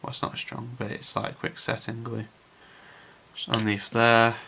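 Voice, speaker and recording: A man's voice: medium pitch, monotone, moderate pace, vocal fry, pushed and bright, a little hiss or hum. A man casually narrating his scale model build to viewers, chatty and rambling with frequent filler words.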